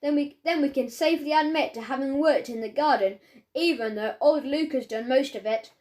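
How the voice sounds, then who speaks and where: A sheepish, eager young schoolboy exclaiming to his sister, as a woman reading a storybook puts him on. The voice is fairly high. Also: brisk, a little mellow, lightly acted.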